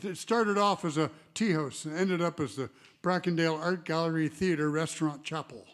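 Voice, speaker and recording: A singer-songwriter chatting and rambling between songs at a live concert, telling stories with trailing asides. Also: male voice, fairly high pitch, normal speed, fairly bright tone. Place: live arts venue stage. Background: guitar.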